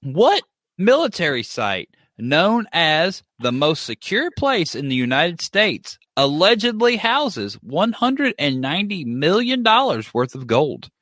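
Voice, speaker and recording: A man's voice: on the high side, very animated, measured pace, fairly bright tone, no room sound, studio quality. A man co-hosting a podcast over a video call, joking around while reading out trivia questions. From Kentucky. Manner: joking, reads questions aloud. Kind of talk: casual chat.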